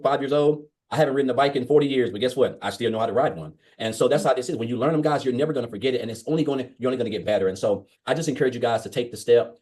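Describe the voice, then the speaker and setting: A man's voice: mid-range voice, a little mellow. A man giving a fervent, grateful testimonial on a webinar video call, often addressing listeners as guys. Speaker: webinar guest. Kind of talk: casual testimonial.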